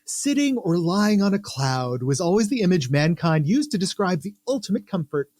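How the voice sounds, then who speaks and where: A man's voice: sits high, very animated, moderate pace, darkish tone, dry recording. A man co-hosting a casual podcast, playfully reading out trivia questions. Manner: playful, reads quiz questions aloud. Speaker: podcast co-host running a trivia quiz. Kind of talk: casual chat, quiz hosting.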